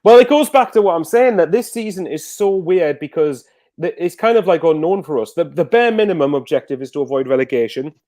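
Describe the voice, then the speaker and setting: A man's voice: fairly high pitch, expressive, fairly quick, mellow, dry recording. A man chatting casually as a guest football fan, rambling with lots of fillers and restarts. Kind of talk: casual video call chat.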